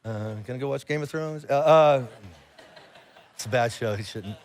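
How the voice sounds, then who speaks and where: A man preaching a sermon to a church congregation in a conversational, animated way, acting out little exchanges of dialogue. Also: medium pitch, normal speed. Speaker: pastor. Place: church auditorium.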